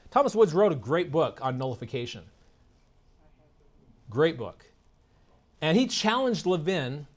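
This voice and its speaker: A man delivering a keynote address in a convention meeting room, with a voice on the higher side for a man. He is combative and sarcastic, often quizzing the crowd. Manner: combative, sarcastic, asks the audience questions. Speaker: keynote speaker. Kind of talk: political keynote speech.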